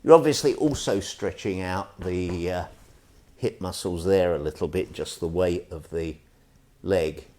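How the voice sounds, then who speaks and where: A man leading an online tai chi stretching class, calm and gentle with wry asides. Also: low voice, measured pace. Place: indoors at home, live stream.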